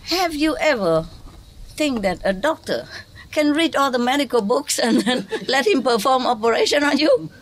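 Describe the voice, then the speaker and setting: A woman's voice: sits high, sing-song, normal speed, a little hiss or hum. A woman with a Vietnamese accent giving a spiritual teaching talk to an audience, playful, laughing often and quizzing her listeners.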